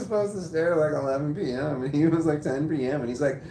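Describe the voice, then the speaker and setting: A man's voice: a little high, slow pace, pauses often. A man hosting a casual livestream, reading chat messages aloud and telling stories with lots of laughter and swearing. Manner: animated storytelling, laughs often, swears. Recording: roomy sound with faint background noise.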